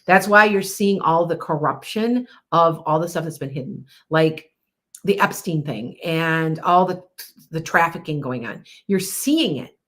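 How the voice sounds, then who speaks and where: Rambling woman psychic host, lowish voice. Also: lively intonation, measured pace, fairly bright tone. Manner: rambling, repeats herself, answers viewers' comments. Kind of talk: casual live-stream chat.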